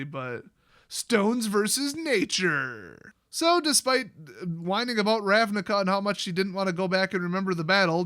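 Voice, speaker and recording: A man's voice: high voice, bright, forceful tone, dry recording, clean studio sound. A young man giving a sarcastic, rambling comedic recap of a fantasy story, swearing casually as he goes. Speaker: YouTube lore host.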